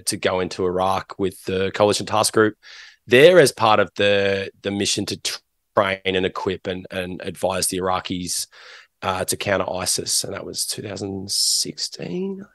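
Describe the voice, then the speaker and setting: A man's voice: low voice, fairly even intonation, normal speed, fairly bright tone, no room sound, studio quality. An Australian man in middle age, a podcast guest telling long stories in a rambling way, full of restarts and fillers. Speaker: interview guest. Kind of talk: casual interview talk.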